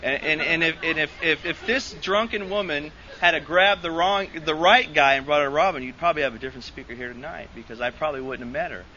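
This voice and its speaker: A man's voice: fairly high pitch, fast, hardly any pauses, bright, forceful tone, lo-fi sound. A man speaking to a recovery group, telling a rambling personal story with lots of restarts and laughs. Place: meeting hall.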